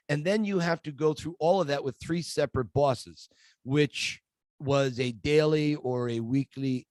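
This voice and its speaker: A middle-aged man, a guest in a podcast interview, telling stories in a lively way and acting out the voices of people he quotes. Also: a little high, no room sound.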